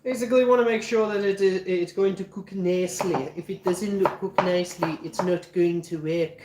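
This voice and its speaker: A young man with a high, steady voice hosts a cooking livestream from his home kitchen at a moderate pace. He rambles and jokes with his chat while prepping food, and the echoey room carries the sound of chopping.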